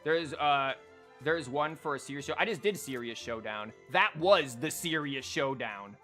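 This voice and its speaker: Guy streaming, bright sharp voice, rambles and stutters, chats with viewers, bit of music behind. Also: mid-range voice, expressive, normal speed. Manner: rambling, stammering, chatty with chat. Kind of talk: casual livestream chat.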